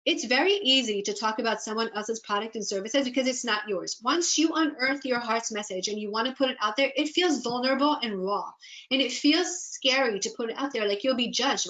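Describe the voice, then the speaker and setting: A woman's voice: fairly high pitch, normal speed, fairly bright tone, poor audio. Encouraging woman coach in a webinar. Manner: earnest, encouraging, quoting inner doubts aloud. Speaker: business and life coach. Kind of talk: webinar workshop presentation.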